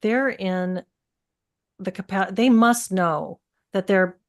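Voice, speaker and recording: A woman hosting a casual panel chat and reading out viewer comments, thinking aloud with halting restarts. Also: mid-range voice.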